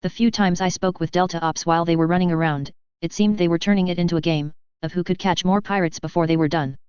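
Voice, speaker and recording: Narrator for a first-person story, crisp voice, dry and a bit dull in sound. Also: medium pitch, steady tone, fast, a little mellow, no echo.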